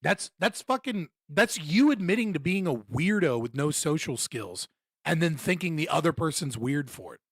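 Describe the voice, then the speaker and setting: A man's voice: a little high, normal speed, no room sound, studio quality. A young man live-streaming his reactions, ranting bluntly and mockingly with lots of swearing. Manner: blunt, profane, mocking, animated rants. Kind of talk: casual live-stream commentary.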